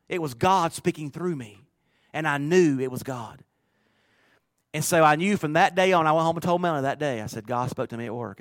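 A middle-aged man preaching a sermon in a church, rising to loud bursts and dropping to soft, low asides. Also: no room sound, clean studio sound. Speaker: pastor.

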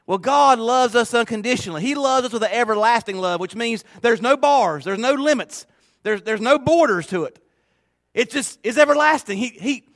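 A man's voice: sits high, fairly bright tone, no echo, studio quality. A male pastor preaching a sermon in a conversational, emphatic way, often repeating phrases.

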